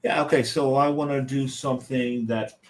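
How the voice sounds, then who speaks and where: A man's voice: medium pitch, fairly even intonation. Rambling, joking male podcast co-host. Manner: rambling, joking, with filler pauses. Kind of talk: casual podcast chat.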